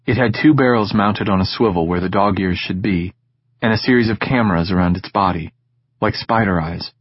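A man reads a story aloud in a steady, measured way. His voice is low and husky. The recording is dry and dull, like lo-fi audio. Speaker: audiobook narrator. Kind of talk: scripted narration.

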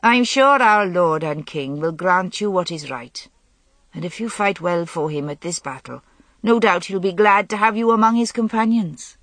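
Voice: mid-range voice, moderate pace, fairly bright tone, dry recording, lightly acted. A reader voicing a bold young escort knight in an audiobook. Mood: firm. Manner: friendly then firm. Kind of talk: audiobook character voice.

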